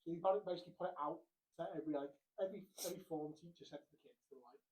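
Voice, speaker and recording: A man's voice: fairly high pitch, very fast, rough recording. Man telling a laughing story. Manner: animated, laughs through the punchlines, acts out quotes. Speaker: podcast host. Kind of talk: casual storytelling. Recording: quiet, badly set microphone.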